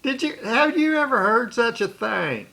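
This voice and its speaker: Brief: a jeering, shouting young agitator, put on by a male storyteller, pitched high and rough. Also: lively intonation, unhurried, full character voice. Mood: mocking. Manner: laughing, taunting, shouting. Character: jeering young man, loud mocking agitator.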